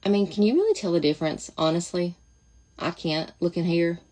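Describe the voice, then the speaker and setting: A woman's voice: on the low side, brisk, warm tone. A woman talking casually through a makeup demonstration, chatty and thinking aloud as she goes. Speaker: makeup seller demonstrating products.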